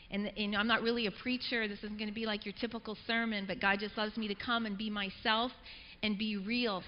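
A woman's voice: mid-range voice, slight background noise. Woman, guest speaker, from canada, chatty and self-deprecating, church hall echo, dull sound. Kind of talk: personal testimony sermon. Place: church sanctuary. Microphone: clip-on mic. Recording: dull reverberant church recording.

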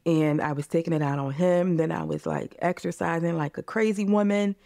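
Earnest woman in her thirties, gravelly. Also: on the low side, fairly even intonation, brisk, warm tone, no echo, studio quality. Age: 30s. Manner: earnest, emotional, repeats phrases. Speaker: podcast guest. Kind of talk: candid interview.

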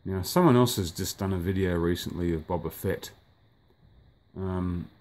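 A man with a low-pitched, slightly mellow voice speaks at normal speed while reviewing a collectible figure indoors near a sunny window. He rambles offhandedly, uses fillers, and curses at the sunlight from time to time.

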